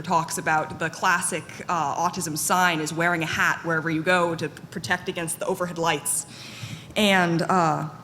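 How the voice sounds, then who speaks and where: A woman giving a live conference talk in a fairly monotone, candid and self-deprecating way, with plenty of fillers. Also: fairly low pitch. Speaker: conference speaker. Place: conference hall. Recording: echoey hall with faint noise.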